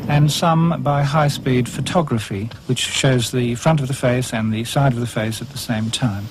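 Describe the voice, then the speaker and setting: A man, a language scholar, explaining in a measured, academic way. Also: medium pitch, noisy background. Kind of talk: interview explanation.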